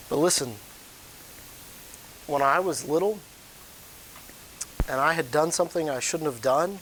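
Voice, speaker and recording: A man preaching a sermon in a church, talking loosely and warmly to the congregation, with sudden loud rises in his voice. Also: a little high, slight background noise, rough recording. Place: church sanctuary.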